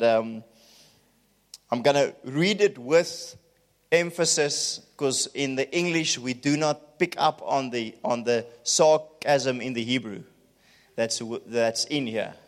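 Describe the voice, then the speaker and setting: A man preaching a sermon to a congregation, reading scripture with swings between loud emphasis and quiet asides. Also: lowish voice, creaky, big-room sound. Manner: dramatic scripture reading, rising loud then dropping quiet. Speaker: pastor.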